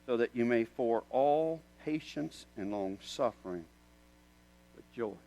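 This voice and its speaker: A man preaching a sermon. He tells a story in a conversational way, then builds to loud, emphatic questions. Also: mid-range voice, expressive, slow pace, poor audio. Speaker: pastor.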